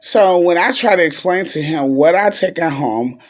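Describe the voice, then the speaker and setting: A man's voice: fairly high pitch, expressive, normal speed. A man vlogging in a chatty, casual way, telling a story to his viewers and calling them y'all.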